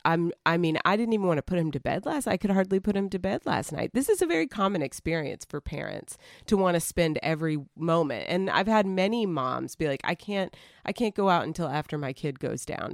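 A woman's voice: lowish voice, creaky, no echo, clean studio sound. A woman co-hosting a podcast, speaking candidly and emotionally in casual conversation, pushing back at times. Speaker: podcast co-host.

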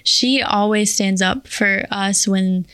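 A woman co-hosting a podcast, recalling memories in a relaxed, hesitant way. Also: medium pitch, takes it slowly, clean tone, no room sound, clean studio sound. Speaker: podcast co-host. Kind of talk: casual chat.

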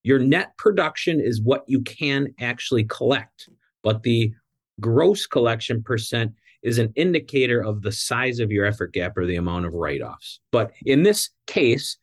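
A man's voice: mid-range voice, lively intonation. A male guest, a coaching company executive, explaining financial terms in a methodical way. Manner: measured, methodical, some fillers. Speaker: dental practice coaching CEO, guest. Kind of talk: explanatory interview answer.

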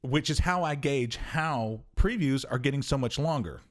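A man in his forties co-hosting a casual podcast chat, telling stories and acting out quoted lines with big leaps in his voice. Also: moderate pace. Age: 40s. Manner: animated storyteller, acts out quotes with big pitch jumps. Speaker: podcast co-host.

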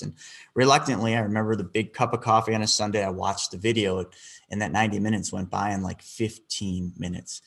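A man's voice: lowish voice, brisk, creaky, breathy edge. A man, a financial advisor, answering an interview question by telling a story and acting out the dialogue. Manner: animated, acts out quoted dialogue.

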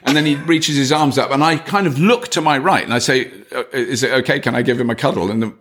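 A man, a guest on a podcast, chatting casually and telling an animated anecdote with stammering restarts. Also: quick pace, husky. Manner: animated storyteller, stammering restarts, jumps high in pitch for quoted voices.

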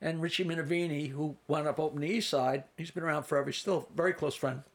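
A man's voice: fairly high pitch, fairly even intonation, fast talker. A man in his sixties, a comedian, telling rambling anecdotes with asides and restarts in a casual interview. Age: 60s. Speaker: comedian guest.

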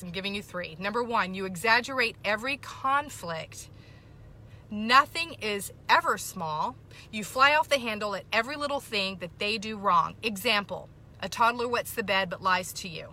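A woman host in middle age speaks straight to her listeners in a loose, chatty way, pressing her points and saying them twice. Her voice sits a little high and comes across bright and forceful. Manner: animated, emphatic, repeats key points. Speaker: podcast host. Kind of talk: casual talk to listeners.

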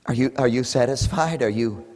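A man preaching a sermon in impassioned, repetitive pleading prayers that swing from hushed to shouted. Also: mid-range voice, brisk. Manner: repetitive, rhythmic calls. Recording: echoey hall with long reverb.

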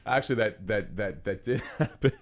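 A man hosts a podcast in a low voice and tells animated stories. He laughs often and puts on the voices of the people he quotes. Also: normal speed. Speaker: podcast host. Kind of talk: conversational podcast interview.

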